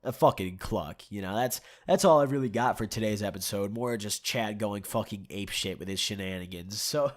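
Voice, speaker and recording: A man's voice: fairly low pitch, moderate pace. Young male YouTuber, congested and a bit sore-throated, casual profane storytime. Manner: profane, rambling, chuckles often. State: stuffed-up nose and sore throat.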